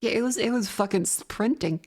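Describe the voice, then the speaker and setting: A woman's voice: on the high side, normal speed, darkish tone, breathy edge. A woman streamer chatting casually with viewers, telling a rambling, swear-filled story and often laughing. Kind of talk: casual chat.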